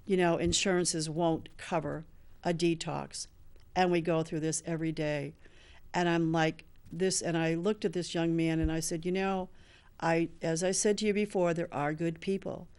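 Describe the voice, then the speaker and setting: With a deep, steady voice that's darkish and clean, an older woman in recovery speaks at normal speed. As a show host sharing a personal story, she's earnest and voices the quoted lines of the people involved.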